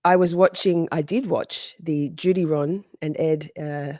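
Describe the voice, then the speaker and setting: A woman's voice: low-pitched, steady tone, unhurried, warm tone, no room sound, clean studio sound. A woman hosting a casual livestream, chatty and sassy, reading out viewer comments, answering them, laughing often and swearing freely. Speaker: livestream host.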